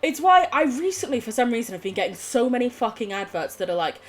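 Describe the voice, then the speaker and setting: A woman's voice: a little high, very animated, quick pace, hardly any pauses. A young woman streaming a game, chatting casually with viewers, giggling and swearing. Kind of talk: casual live gameplay chat.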